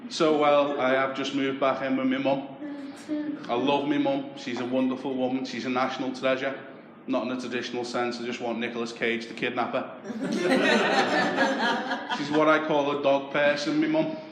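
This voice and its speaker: Sweary comic doing stand-up, mocking and brash, echoey club, noisy crowd. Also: male voice, medium pitch, moderate pace, a bit bright. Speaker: stand-up comedian. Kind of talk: stand-up comedy set. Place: comedy club with a live audience. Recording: roomy club with audience noise.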